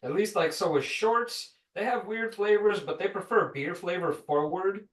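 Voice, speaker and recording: A man's voice: high voice, moderate pace, recorded from a distance. Laid-back man, off-mic in an echoey room. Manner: laid-back, quips and explains beers. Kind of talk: casual chat.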